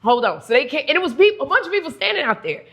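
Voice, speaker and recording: A middle-aged woman, a guest in casual chat, telling stories in a playful, animated way. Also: high voice, rapid-fire, gravelly.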